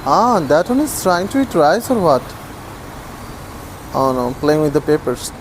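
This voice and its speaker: A person narrating a casual video while feeding stray dogs outdoors, talking to the dogs affectionately and calling out their names in high, coaxing calls. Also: big pitch swings, a little slow, a little hiss or hum. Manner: rises to high calls when summoning dogs.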